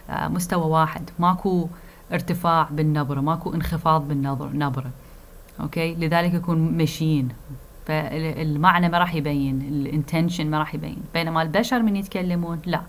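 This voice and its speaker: A woman lecturer, an Arabic speaker, teaching a phonetics class slowly, with many fillers, repeated phrases and asides in Arabic. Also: sits low. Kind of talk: recorded lecture.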